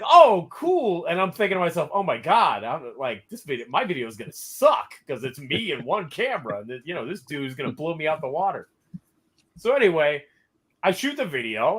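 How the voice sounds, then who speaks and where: A man hosting a podcast, telling a story in a casual way and quoting people in lively voices. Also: fairly high pitch. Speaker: podcast host.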